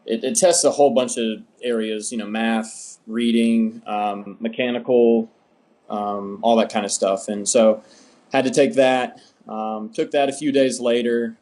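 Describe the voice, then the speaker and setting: A man's voice: mid-range voice, a little slow. Young man telling a story with fillers. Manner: relaxed, rambling, many fillers. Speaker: interview guest. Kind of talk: casual storytelling.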